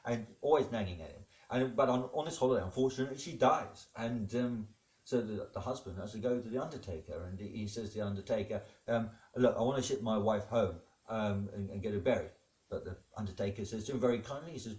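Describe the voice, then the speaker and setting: A man hosting a comedy show as God, telling jokes in a rambling, deadpan way with many fillers. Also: fairly low pitch, a little fast. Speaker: comedic host playing God. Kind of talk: improvised comedy monologue. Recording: echoey room.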